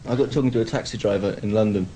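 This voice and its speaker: A man's voice: lowish voice, racing, slight background noise, low-quality recording. A young man in his twenties, a band member, chatting candidly and wryly in a casual interview. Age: 20s. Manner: relaxed, candid and wry.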